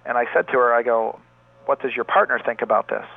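A man's voice: medium pitch, brisk, creaky, dry recording. A man who runs a pain therapy clinic, earnestly telling a long story from his practice as an interview guest. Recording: dry, tinny phone line.

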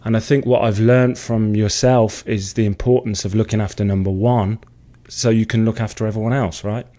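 A man's voice: on the low side, steady tone, normal speed, mellow. Enthusiastic English man in his thirties. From England. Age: 30s. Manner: enthusiastic, earnest. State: out of breath. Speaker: guest, personal trainer. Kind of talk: interview.

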